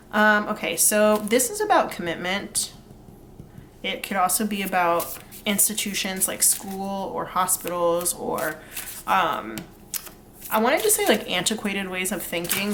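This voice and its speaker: A woman's voice: mid-range voice, a bit bright, a little hiss or hum. A young woman doing a casual pick-a-card tarot reading, chatty and rambling with lots of fillers and laughs. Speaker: tarot reader.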